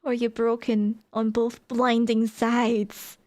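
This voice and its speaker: High-voiced woman streamer reading game text. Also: a little slow, slight background noise. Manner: expressive, exclaims and laughs between read passages. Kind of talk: reading game text aloud with live reactions.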